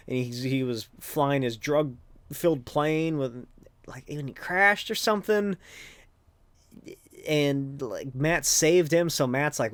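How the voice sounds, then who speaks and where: A man's voice: medium pitch, clean tone, no room sound. A man hosting a podcast, recapping a comic in a rambling, casual way with lots of swearing and filler words. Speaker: podcast host.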